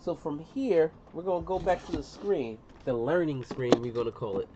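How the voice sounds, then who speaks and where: A middle-aged man chatting casually on a live stream as he demonstrates an engraving job, slangy and talkative, often saying "boom". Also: normal speed. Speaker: livestreamer doing laser engraving. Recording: muffled lo-fi sound with faint room noise.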